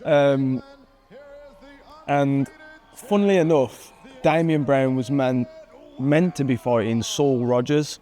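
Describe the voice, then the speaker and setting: A man in his thirties talks over fight footage in a relaxed, casual way. His voice sits at a middling pitch with a warm, mellow tone. He chuckles at himself often and breaks into excited bursts at the big moments. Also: slow, pauses often, faint music behind. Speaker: MMA fighter and channel host.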